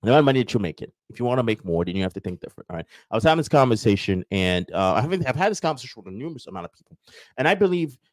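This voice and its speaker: A male podcast host talking through a motivational monologue in a mid-pitched voice. He lectures in a preachy way, jokes around and slips into quick acted-out exchanges with imagined people. The sound is dry and close, with no room around it. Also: sing-song, no echo. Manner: preachy, joking, acts out little dialogues.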